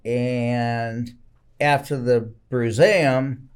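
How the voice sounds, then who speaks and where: An older man, a guest attorney, in casual chat, telling rambling stories at an unhurried pace. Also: medium pitch, steady tone, clear, resonant tone.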